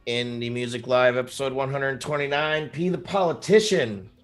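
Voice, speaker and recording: A man hosting a live music show, joking loosely and giving shout-outs to viewers. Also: medium pitch, normal speed. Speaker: show host. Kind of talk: casual live show chat.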